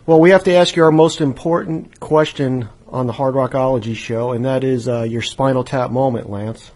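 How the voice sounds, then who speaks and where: Easygoing male co-host, mid-pitched, chatty. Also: steady tone, moderate pace, darkish tone. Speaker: radio show co-host. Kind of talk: casual radio chat.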